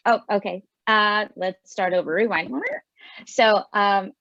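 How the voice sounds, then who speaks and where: A woman from New York City on a video call, telling her story as a voiceover contest winner in a bubbly, quick way. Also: mid-range voice, steady tone, fairly bright tone, dry recording, highs cut off. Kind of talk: casual video call chat.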